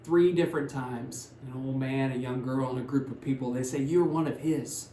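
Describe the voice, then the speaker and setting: A man preaching a sermon, retelling a Bible story in a conversational way, his voice swinging between loud and hushed. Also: mid-range voice, fairly even intonation, brisk, echoey room, a little hiss or hum. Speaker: pastor. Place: church sanctuary.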